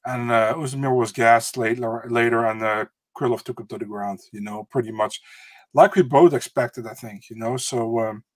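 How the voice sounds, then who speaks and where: A man's voice: mid-range voice, fairly even intonation, moderate pace, no room sound. Easygoing male podcast co-host. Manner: hesitant, many fillers and restarts, laughs easily. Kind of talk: casual chat.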